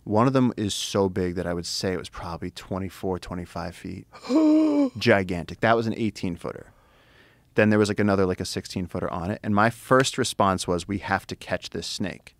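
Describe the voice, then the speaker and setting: A man in casual conversation, telling an animated, profane adventure story with excitement. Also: sits low, a little fast, creaky, dry recording. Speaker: guest, wildlife explorer.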